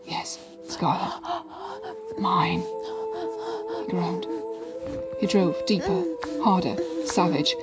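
A woman narrating an erotic story in a slow, breathy way, often sinking into hushed whispers. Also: mid-range voice, poor audio. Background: background music.

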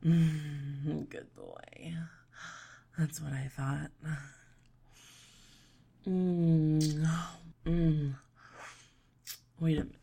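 A young woman in a whispered role-play, teasing and bossy in her delivery, with a deep, gravelly voice. She takes her time over every phrase, and a husky breath sits under her words. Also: level tone, extremely slow, long pauses. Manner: teasing, playful and bossy, with soft laughs and murmurs. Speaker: audio role-play performer.

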